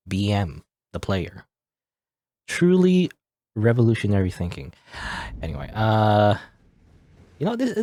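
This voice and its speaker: A man's voice: fairly low pitch, a little mellow. A man casually commenting while playing a game, musing aloud and joking at his own expense. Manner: rambling, musing aloud with self-deprecating jokes. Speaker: let's play host.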